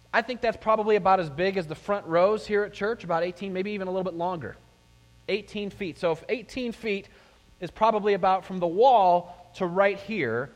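A middle-aged man preaching a sermon to a congregation, telling stories and asking the listeners questions. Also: high voice. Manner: storytelling, animated, addresses the congregation with questions. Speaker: pastor. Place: church sanctuary. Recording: long hall reverb.

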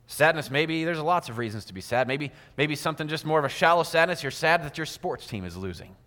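A man's voice: a little high, lively intonation, a little fast, bright, forceful tone. A man giving a sermon in a church, acting out little everyday scenes with quoted voices. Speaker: preacher. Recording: long hall reverb.

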